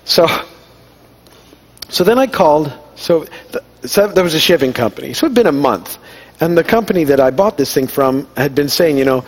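A man's voice: a little high, very animated, brisk. A middle-aged man giving an informal sermon, telling personal stories and acting out the dialogue in a conversational, self-deprecating way. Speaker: pastor.

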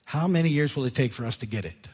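A male pastor preaching a sermon in a conversational, animated way, laughing at himself as he goes. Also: mid-range voice, fast talker, husky. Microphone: live sermon mic. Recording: church service audio.

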